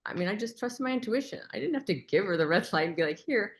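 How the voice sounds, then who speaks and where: A woman's voice: medium pitch, fast. Woman telling stories on a webinar. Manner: lively storyteller who acts out quoted lines. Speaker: webinar co-presenter. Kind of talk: casual webinar talk.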